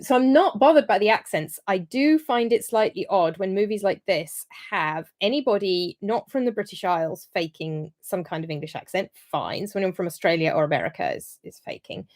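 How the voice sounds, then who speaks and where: A woman hosting a casual livestream review, talking in a chatty, rambling way with frequent ums and restarts. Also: medium pitch. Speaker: historian livestream host.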